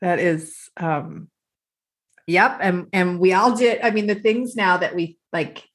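Woman host, middle-aged, lowish voice, chatty, laughs along. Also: slow pace. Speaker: podcast host. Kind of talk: casual interview chat.

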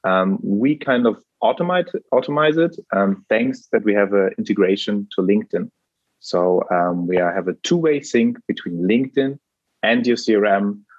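A man's voice: fairly low pitch, moderate pace, dry recording. A German man, a native German speaker, answering as a startup guest with frequent hesitant ums. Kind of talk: interview answers. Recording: dull, dry lo-fi line.

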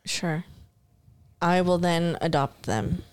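A woman co-hosting a casual chat podcast, relaxed and swearing freely. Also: on the low side, slow, clean tone. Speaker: podcast co-host.

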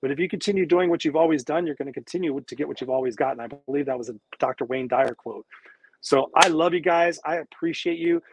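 A man's voice: a little high, fast talker, noisy background. A man giving a live-streamed motivational talk as a coach, speaking emphatically with frequent swearing and preachy repetition, into wireless earbuds.

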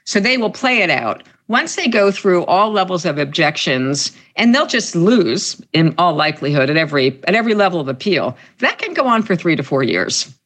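A woman's voice: fairly low pitch, sing-song, moderate pace, few pauses, a bit bright. A woman union organizer answering interview questions in an emphatic way, often repeating her key points.

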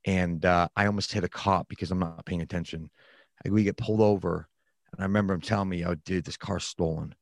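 A man with a low, grounded voice tells a candid personal story in a sit-down conversation. He sounds reflective and unpolished and often starts his sentences over. The recording is close and dry, with no room sound. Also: fairly even intonation, a little fast, creaky, no echo. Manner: frank and reflective, with frequent restarts.

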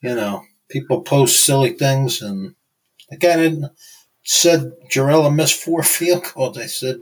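A man co-hosting a sports history podcast in a measured, conversational way, often saying "you know". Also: medium pitch, low-quality recording. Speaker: podcast co-host. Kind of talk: casual sports chat.

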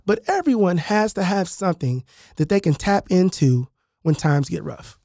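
Fields: Sex: man. Role: podcast host and author. Style: casual storytelling monologue. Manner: animated, rambling, full of fillers. Sound: dry, close-mic'd. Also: sits high, normal speed, dry recording. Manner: animated, conversational, many fillers and restarts.

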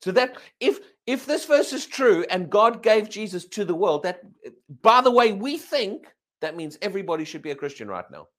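A man preaching a sermon at a church service, animated and firing questions at the congregation. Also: high-pitched, moderate pace, few pauses.

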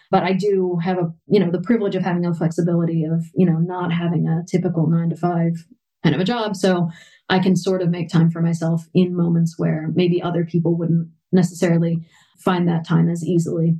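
Mellow, low-voiced reflective woman. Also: low-quality recording. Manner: reflective, heavy use of "you know". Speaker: podcast guest, parent. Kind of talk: candid conversational interview.

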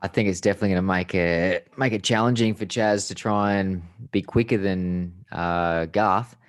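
Man, australian accent, very deep voice, self-mocking co-host, dry sound. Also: steady tone, moderate pace, dry recording. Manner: self-mocking, groaning reactions. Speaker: co-host and racing driver. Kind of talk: casual chat.

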